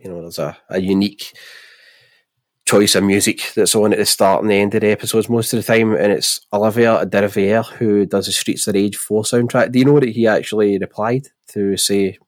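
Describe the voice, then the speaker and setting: Nasal Scottish podcast co-host. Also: male voice, fairly low pitch, fairly even intonation, fairly quick, no room sound. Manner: jokey, rambling, laughs often. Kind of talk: casual podcast chat.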